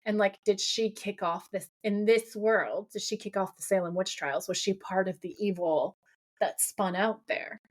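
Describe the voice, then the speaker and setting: A woman co-hosting a podcast, recapping an episode in casual, animated chat, swearing and acting out quotes. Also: medium pitch, moderate pace. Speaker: podcast co-host.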